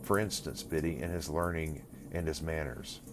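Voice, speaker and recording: A man's voice: extremely low pitch, fairly even intonation, moderate pace, background noise. A man voicing a proud young man newly come into fortune, who talks down in a lofty, condescending way.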